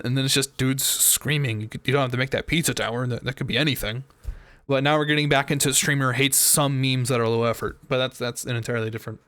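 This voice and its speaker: A streamer chatting casually and rambling while playing a video game, with frequent restarts. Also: no echo. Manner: rambling, animated, jumps into squeaky impressions. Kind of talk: casual gameplay commentary. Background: video game music.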